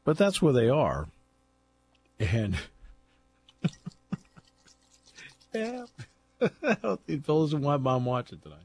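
A man's voice: fairly high pitch, sing-song, takes it slowly, long pauses, darkish tone, slightly rough. A man talking football in casual chat, chatty and laughing often as he tells stories. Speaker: football analyst.

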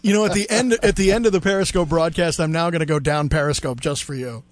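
A man joining a sports radio chat, relaxed and good-humored. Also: on the high side, fast talker, no echo. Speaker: radio co-guest.

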